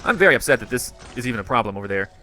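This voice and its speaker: A man commentating his own gameplay, excitable and quick to burst into frustrated outcries. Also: medium pitch, faint music behind. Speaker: gamer. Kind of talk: game commentary.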